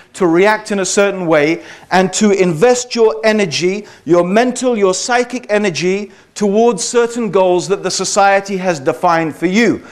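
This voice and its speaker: High-voiced man giving a talk. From Britain. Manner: conversational, keeps checking in with "okay?" and "right?". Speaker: speaker addressing an audience. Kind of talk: public talk.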